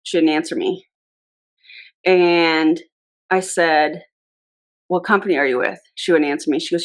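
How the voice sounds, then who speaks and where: A woman's voice: low voice, fairly even intonation, unhurried, long pauses. A woman in her thirties telling a rambling storytime in a casual vlog, acting out the dialogue. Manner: chatty and rambling, with quoted dialogue. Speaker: anti-MLM YouTuber.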